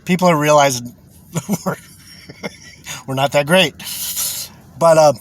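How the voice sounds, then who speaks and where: Slow, rambling man with a higher voice. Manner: rambling, chuckles often, repeats himself, swears. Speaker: religious commentator. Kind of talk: rambling religious commentary.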